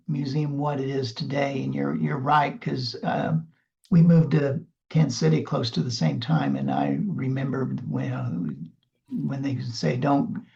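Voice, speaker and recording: Gravelly-voiced man in earnest chat. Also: mid-range voice, measured pace, warm tone, dull audio. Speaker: podcast co-host. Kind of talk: casual podcast recap chat.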